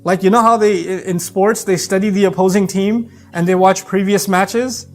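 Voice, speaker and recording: High-voiced, emphatic male preacher. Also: normal speed. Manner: animated, emphatic, acts out dialogue. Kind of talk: sermon. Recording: faint background music.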